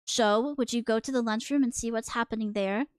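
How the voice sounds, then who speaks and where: A woman's voice: on the high side, fairly even intonation, brisk, clear, resonant tone, dry recording, clean studio sound, voice pushed down, close to an everyday voice. A woman voicing a stern male schoolteacher who speaks in a solemn, lecturing way while reading a manga aloud. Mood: grave.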